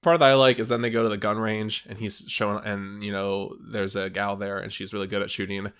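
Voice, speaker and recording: A man's voice: on the low side, flat delivery, a little fast, fairly bright tone, clear, resonant tone. A young man co-hosting a podcast, casually recapping a film plot in a rambling way, with lots of fillers and quoted lines. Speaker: podcast co-host. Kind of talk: casual movie recap chat.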